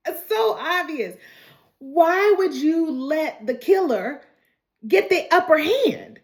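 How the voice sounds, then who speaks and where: A woman talks through a TV episode in a casual recap, her voice pitched fairly high and swinging all over the place. She laughs a lot between lines, curses freely and keeps the energy up the whole way. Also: slow. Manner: animated, laughing often, swearing freely. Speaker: TV recap vlogger.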